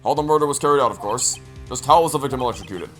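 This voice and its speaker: A man's voice: medium pitch, very fast, a bit bright, soft background music, natural voice. A man reading the lines of a fussy, easily baffled elderly male judge in a hesitant, questioning way.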